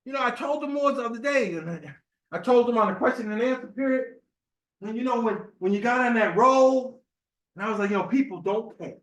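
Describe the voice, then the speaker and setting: High-voiced man preaching in an echoey hall. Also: fairly quick, a bit bright. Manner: conversational, storytelling, asks the room "right?". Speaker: temple speaker. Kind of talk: informal sermon talk. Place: temple meeting hall.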